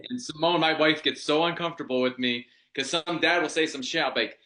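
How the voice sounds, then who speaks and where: A man's voice: on the high side, brisk, sharp tone, echoey room. A man co-hosting a podcast, talking bluntly and profanely in casual chat and laughing easily. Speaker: podcast co-host.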